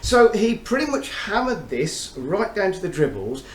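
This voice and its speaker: A middle-aged man reviews fragrances in a friendly, chatty way, telling stories as he talks casually to the camera. His voice sits high and sing-song at a normal speed. The recording has a roomy echo and faint background noise.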